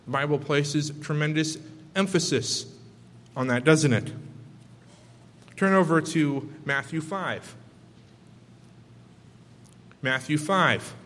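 A man's voice: on the high side, slow pace, pauses often, fairly bright tone, in a large hall. A male pastor giving a sermon, talking loosely and off the cuff and throwing out rhetorical questions to the congregation.

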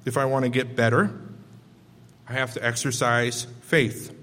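A man's voice: mid-range voice, level tone, unhurried, fairly bright tone, big-room sound. A male pastor giving a sermon, talking loosely and off the cuff and throwing out rhetorical questions to the congregation.

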